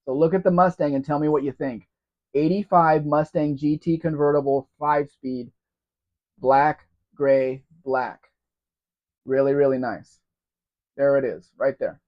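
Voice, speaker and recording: A man's voice: on the high side, steady tone, a little slow. Male stream host with a sore throat, casual and rambling, reads out viewer comments, muffled lo-fi sound. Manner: chatty and rambling, addressing viewers by name. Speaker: live Q&A host. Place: at home in a room. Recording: dull lo-fi stream audio.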